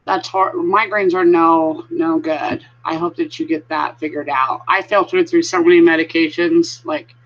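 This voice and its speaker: A woman's voice: low voice, steady tone, normal speed, hardly any pauses. A woman hosting a casual live stream, chatting with viewers and greeting them by name. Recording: dull lo-fi sound.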